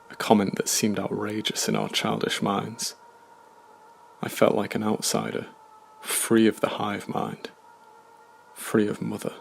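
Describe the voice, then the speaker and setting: Gravelly deep-voiced horror narrator. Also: male voice, a little hiss or hum. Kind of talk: scripted horror story narration.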